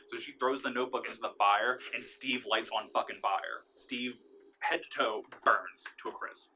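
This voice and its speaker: Bright-voiced young man recapping a film. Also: mid-range voice, moderate pace, a little hiss or hum, low-quality recording. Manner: excited, profane, acts out scenes with sudden shouts. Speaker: movie reviewer. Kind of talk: casual spoiler recap.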